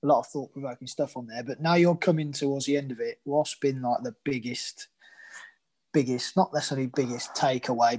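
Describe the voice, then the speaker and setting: A man's voice: mid-range voice, a little mellow. A man, a new dad and coach, talking casually with many fillers and restarts. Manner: rambling, hesitant, many fillers. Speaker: podcast co-host, coach. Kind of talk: casual chat.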